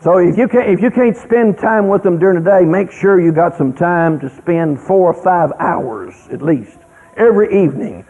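A man telling a lively story about raising kids, acting out scenes and shouting the quoted lines. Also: high voice, normal speed. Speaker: speaker on parenting. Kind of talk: folksy storytelling talk. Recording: phone-like lo-fi radio broadcast.

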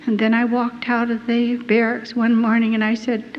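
A woman giving a personal testimony, telling her story in an earnest, halting and deeply moved way. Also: monotone, a little hiss or hum. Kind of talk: emotional first-person storytelling. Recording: dull lo-fi recording in a reverberant hall.

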